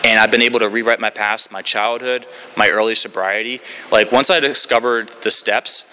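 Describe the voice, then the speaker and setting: A man's voice: lowish voice, fairly even intonation, normal speed, sharp tone, clear, resonant tone. A man speaking at a recovery meeting, sharing his story in a candid, rambling way with many fillers. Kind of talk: candid personal share.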